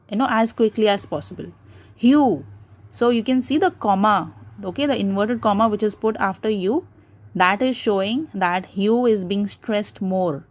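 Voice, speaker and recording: Slow, patient teacher woman. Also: mid-range voice, dry recording. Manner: slow, patient, repeats words to demonstrate pronunciation. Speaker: English teacher. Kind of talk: classroom grammar lesson.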